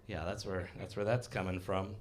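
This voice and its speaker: A man's voice: sits low, fairly even intonation, moderate pace. A man in his fifties doing a live stand-up set, rambling and self-deprecating, full of fillers and acted-out voices. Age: 50s. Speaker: stand-up comedian. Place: live comedy cafe stage.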